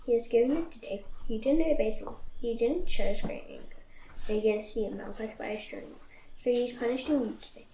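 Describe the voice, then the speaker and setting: Stern old prophet's spirit, read plainly by a woman; high voice with a gravelly edge in a roomy space. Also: a little fast, warm tone, far from the mic, close to an everyday voice. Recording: echoey room, faint noise.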